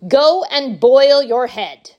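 A woman voicing an eccentric, excitable male candy maker in a storybook read-aloud, talking in a bouncy, bossy way. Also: high voice, slow, highs cut off, voice pushed up, heavily acted. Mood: dismissive.

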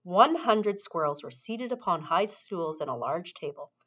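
A woman's voice: lowish voice, unhurried, breathy edge. Woman reading a storybook aloud. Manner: expressive, animated reading. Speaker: narrator. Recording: dull lo-fi recording.

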